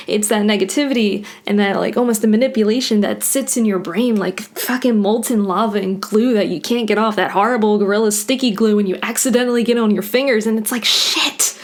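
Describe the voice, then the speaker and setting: A woman's voice: a little high, fairly quick, few pauses. A woman rambling passionately and profanely in a solo vlog monologue, now and then acting out other people's voices. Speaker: vlogger.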